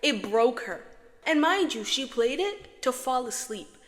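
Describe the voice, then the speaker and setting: Her voice sits high and swings widely in pitch, unhurried, as this young Moroccan vlogger chats dramatically to camera and talks to herself. An echo setting gives the audio heavy reverb.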